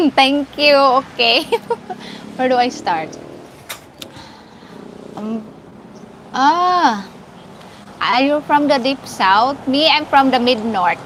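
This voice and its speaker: A woman's voice: sits high, expressive, very slow, long pauses, fairly bright tone, slight background noise, poor audio. A woman with a Filipino accent hosting a casual live stream, greeting viewers by name and laughing often. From Philippines.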